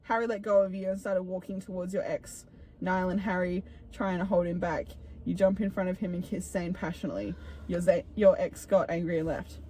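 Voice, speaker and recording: A woman's voice: on the low side, fairly even intonation, fairly quick, warm tone, a little hiss or hum. A young woman co-hosting a podcast in casual chat, reading a fanfic aloud and laughing often as she goes. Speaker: podcast co-host.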